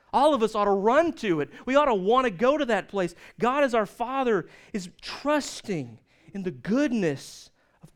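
A man's voice: high-pitched, smooth. A man preaching a sermon as pastor, telling stories and jokes and asking the listeners questions.

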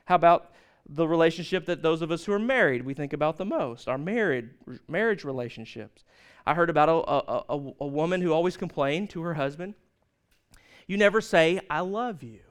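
A man's voice: a little high, brisk, clear, resonant tone. A man preaching a sermon as pastor, telling stories and jokes and asking the listeners questions.

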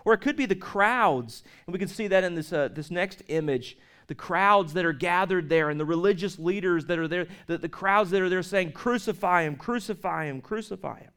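A man with a slightly high voice preaching a sermon. He presses hard on key words, then drops to a hush, often restarting and repeating himself as he goes. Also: normal speed, clear, resonant tone. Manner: emphatic, swings between loud stress and hushed lines. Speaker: pastor. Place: church service with projected slides.

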